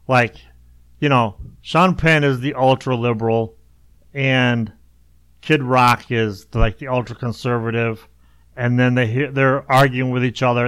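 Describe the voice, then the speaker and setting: A man co-hosting a podcast in casual comedic chat, talkative and quick to laugh. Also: mid-range voice, a bit bright, clear, resonant tone, dry recording. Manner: laughs often, chatty, swears. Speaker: podcast co-host.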